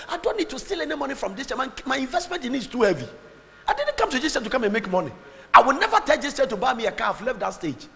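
Pastor, fervent pulpit sermon, highly animated pitch, faint background noise. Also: male voice, fast, gravelly. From Ghana. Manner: fervent preaching, swings between shouting and low asides. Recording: long hall reverb, faint background noise.

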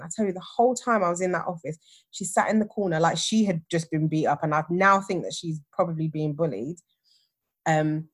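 A woman, telling a personal story in a casual chat with lively, acted-out retellings. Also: fairly low pitch, fairly quick. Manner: animated, acts out others' lines. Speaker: podcast guest, teacher.

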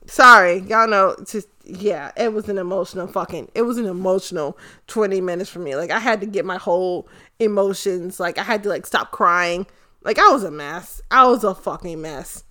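Woman ranting about wrestling, bright crisp voice, cussing a lot, lots of ums. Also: medium pitch, moderate pace. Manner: excited, profane, rambling with many fillers. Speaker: fan commentator. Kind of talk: casual recap of a wrestling event.

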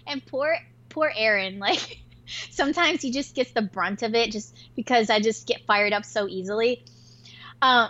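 A woman co-hosting a podcast tells stories in a loose, animated, swear-heavy way, quick to get fired up. Her voice sits a little high and sounds crisp and bright. The recording is dull and lo-fi. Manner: animated, profane, quick-tempered storytelling. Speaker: podcast co-host. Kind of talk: casual podcast chat.

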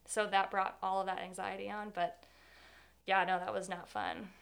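Young woman with a gravelly, candid ramble. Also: medium pitch, level tone, moderate pace, fairly bright tone. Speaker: interviewee. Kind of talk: personal story in an interview.

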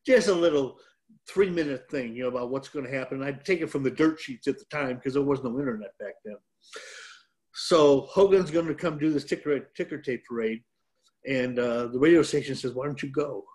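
A man's voice: medium pitch, brisk, a little mellow. An older man from Detroit, a former pro wrestler, telling a rambling, self-deprecating story as a guest on a chat show. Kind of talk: casual storytelling.

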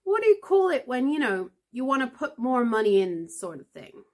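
A woman's voice: a little high, sing-song, moderate pace, darkish tone, pitched above the performer's own voice. A woman reading aloud and voicing a sly old witch woman who feigns innocence, with a rustic dialect and an arch drawl.

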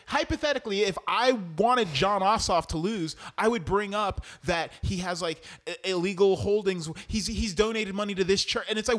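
A young man co-hosting a podcast, ranting about politics in a profane, mocking way and slipping into quick impressions. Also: high-pitched, big pitch swings, a bit bright. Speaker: podcast co-host. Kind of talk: casual political rant.

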